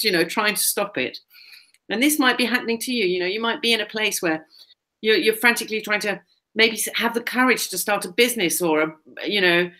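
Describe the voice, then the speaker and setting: A woman's voice: sits low, fairly bright tone. A middle-aged woman telling a personal story in casual, rambling talk, full of fillers and restarts as she co-hosts a chat.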